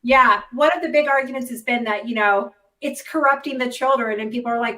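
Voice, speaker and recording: Speaking a little fast with hardly any pauses, a woman with a fairly high, bright, forceful voice hosts a live news stream full of sarcasm and fillers as she comments casually on the news. She sits far from the mic in an echoey room.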